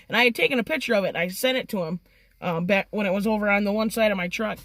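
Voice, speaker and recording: A woman tells a story in a loose, excitable way, swearing freely. Her voice sits at an ordinary pitch and sounds close and dry, with no room around it. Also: racing, no room sound. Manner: profane and excitable. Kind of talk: casual storytelling.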